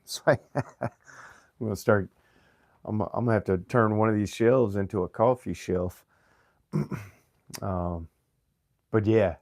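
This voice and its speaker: A very low-pitched man with a mild Virginian Southern accent talks casually to his livestream viewers. He speaks in a relaxed, halting way, restarting sentences and clearing his throat often. The sound is dry and close, with no room echo. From Virginia, USA. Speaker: livestream host.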